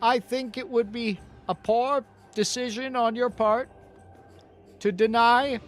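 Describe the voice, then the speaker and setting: A man's voice: extremely high pitch, steady tone, takes it slowly, pitched above the performer's own voice. A man voicing an impatient male enemy herald who presses hard and swears. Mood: pressuring.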